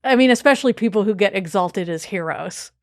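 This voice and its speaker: A woman's voice: mid-range voice, expressive, fairly quick, no room sound, clean studio sound. A woman hosting a podcast in casual chat, talkative, with swearing and laughing asides. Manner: chatty, swearing, laughing asides, many fillers. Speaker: podcast host.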